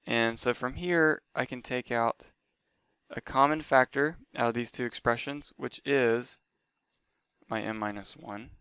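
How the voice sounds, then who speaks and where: A man's voice: mid-range voice, measured pace, pushed and bright, clear, resonant tone, dry recording. A man teaching a math lesson, talking methodically through each step aloud. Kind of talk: lecture.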